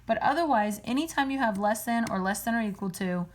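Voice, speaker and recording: A woman's voice: a little high, fairly quick, slight background noise. A woman teaching a recorded math lesson, patiently explaining step by step and answering her own questions as she goes.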